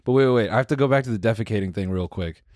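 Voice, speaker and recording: A man's voice: on the low side, racing, darkish tone, no room sound, clean studio sound. A man co-hosting a podcast, chatting in a casual, slangy way and telling stories from school. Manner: casual, slangy storyteller who says "bro" and "dude". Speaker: podcast co-host.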